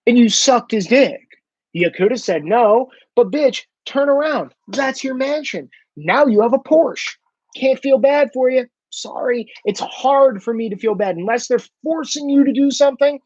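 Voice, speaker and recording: A man's voice: extremely high pitch, unhurried, darkish tone, no room sound. A man hosting a ranting commentary monologue, profane and mocking, with a slightly dull lo-fi sound. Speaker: host.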